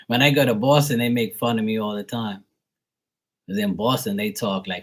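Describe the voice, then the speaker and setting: A man's voice: on the low side, fairly even intonation, moderate pace, pauses often. A young man from Bermuda with a mild Bermudian accent, chatting casually on a livestream, rambling with fillers and repeated words. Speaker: live tarot reader.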